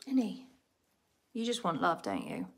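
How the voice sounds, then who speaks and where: A woman's voice: fairly low pitch, wildly swooping pitch, unhurried, vocal fry, very noisy. A British woman chatting casually to her viewers and scolding her pet bird between sentences. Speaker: pet bird owner and channel host. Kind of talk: casual live chat with viewers. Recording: loud parrot squawks and clicks behind her. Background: parrot squawking.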